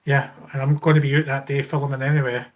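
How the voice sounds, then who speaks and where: A middle-aged man with a Scottish accent chats loosely on a live Q&A stream. He rambles, stops and restarts, and fills his pauses as he thanks viewers one by one. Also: medium pitch, level tone. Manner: rambling, thanks donors, frequent fillers and restarts. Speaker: YouTube channel host.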